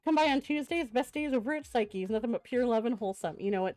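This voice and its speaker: A congested woman live-streaming from her home setup, her voice sitting a little high. She gushes over her viewers with lots of ums and restarts, speaking close into a desk microphone. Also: quick pace, few pauses, a little mellow, soft background music. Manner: effusive, gushing thanks to viewers with many fillers. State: congested from a lingering cough. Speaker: variety streamer hosting a guest. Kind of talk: casual live-stream chat.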